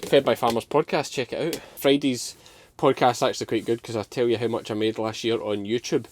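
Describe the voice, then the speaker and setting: A young Scottish sheep farmer hosts a casual outdoor farm vlog for his channel, talking bluntly to the camera, swearing casually and using local dialect words. His mid-range voice is steady and brisk, with a little hiss or hum in the recording.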